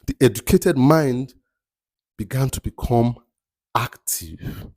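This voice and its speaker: A man's voice: mid-range voice, takes it slowly, darkish tone, no echo. A man giving a motivational talk as a mentor, emphatic and rhetorical, repeating his key phrases. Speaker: mentor giving life advice.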